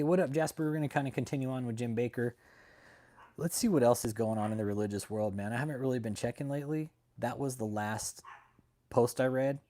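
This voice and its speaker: A man's voice: medium pitch, mellow. Profane, mocking livestream host, a man. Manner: profane, mocking, laughs often; greets chat viewers by name. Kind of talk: casual livestream commentary.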